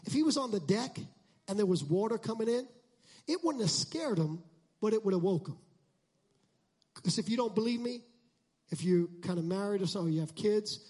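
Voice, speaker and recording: A male pastor preaching a sermon, moving between quiet joking asides to the congregation and shouted climaxes. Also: sits high, slightly rough. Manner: jokey, conversational asides to the congregation.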